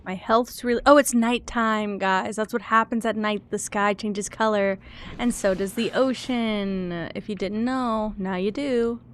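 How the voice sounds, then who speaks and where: A woman's voice: mid-range voice, fairly even intonation, measured pace, slight background noise. A young woman streaming a game, chatting to her viewers in a nervous, giggly way and swinging between whimpering fear and casual commentary.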